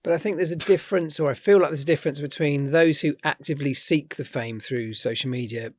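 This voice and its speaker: A man hosting a podcast, asking questions in a measured, thoughtful way. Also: fairly high pitch, no echo. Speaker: podcast host. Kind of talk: casual interview chat.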